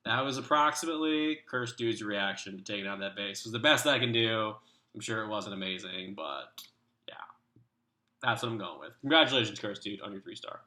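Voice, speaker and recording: A man leading a clan, giving relaxed, rambling commentary with lots of fillers. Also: lowish voice, moderate pace, roomy sound. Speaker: clan leader and video host. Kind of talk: casual game commentary.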